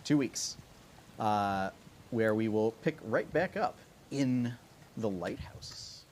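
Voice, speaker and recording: A man running a tabletop game at a slow, unhurried pace. His voice is fairly low and loose with fillers. Faint hiss sits behind the recording. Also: lively intonation, a little mellow. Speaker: game master.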